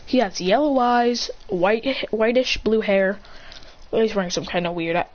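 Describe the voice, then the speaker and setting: A woman's voice: medium pitch, a little slow. Woman telling a made-up story, all over the place, lots of ums, sounds kinda muffled. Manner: rambling, many fillers and restarts, acts out the characters' lines. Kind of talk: excited improvised storytelling. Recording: dull lo-fi recording with faint noise.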